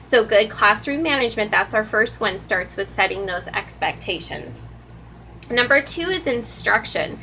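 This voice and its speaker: A woman's voice: mid-range voice, bright, forceful tone, slight background noise, rough recording. A woman teacher giving earnest classroom advice to other teachers, repeating key points for emphasis. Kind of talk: instructional talk to camera.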